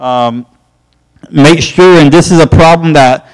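A man's voice: fairly high pitch, measured pace, clean tone, poor audio. A man teaching a church Bible study, folksy and emphatic, rising when he presses a point. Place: church classroom.

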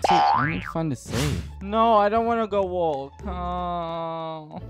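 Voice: medium pitch, lively intonation, slow, over loud music. A gaming video creator giving playful gameplay commentary, giggly and teasing, with sudden squeals.

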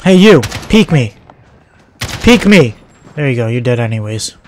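A man giving live commentary as he plays a shooter game, swinging between shouting at enemies and muttering to himself. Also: medium pitch, measured pace, a little hiss or hum. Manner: excitable, yelps and shouts at enemies, then mutters. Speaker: gaming channel host.

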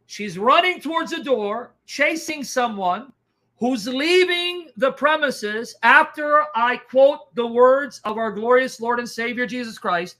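A man telling a dramatic testimony as an evangelist, acting out what people did and said. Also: sits high. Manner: animated, dramatic, acts out reactions. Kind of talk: testimony storytelling.

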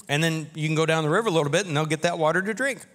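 A man's voice: fairly high pitch, a bit bright, long reverb tail. A man preaching a sermon as pastor, talking in a conversational way and stopping for humorous asides.

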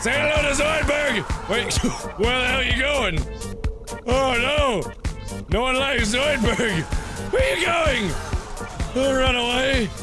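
A man voicing a needy male crustacean alien who calls himself by name and shouts pleas for love and friends. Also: extremely high pitch, expressive, takes it slowly, pauses often, over music, pitched above the performer's own voice, full character voice. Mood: pleading. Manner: pleading, loud, talks about himself by name.

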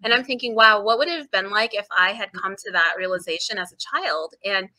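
A woman's voice: mid-range voice, a little fast, low-quality recording. A woman in her forties, a book author talking as a podcast guest, telling stories expressively and laughing readily. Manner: expressive, laughs readily, acts out quoted voices. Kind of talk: animated conversational storytelling.

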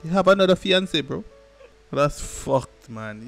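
A man hosting an anime reaction, swearing freely and breaking into shouts and laughter between calmer remarks. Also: fairly high pitch, slow pace, gravelly, soft background music. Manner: excitable, profane, bursts into shouts and laughter. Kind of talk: live reaction commentary. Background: faint anime soundtrack playing.

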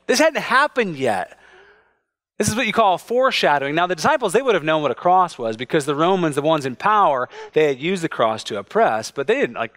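A man in his thirties preaching from the pulpit of a church. He tells stories about his family with animated swings in his voice, acting out the other people's lines. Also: on the high side. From United States. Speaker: pastor. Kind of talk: sermon. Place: church sanctuary.

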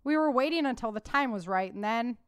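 A woman's voice: on the high side, animated, a little fast, smooth, dry recording, studio quality, natural voice. A woman voicing a friendly gray-haired homesteader man with a Midwestern American accent. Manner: friendly, hesitant.

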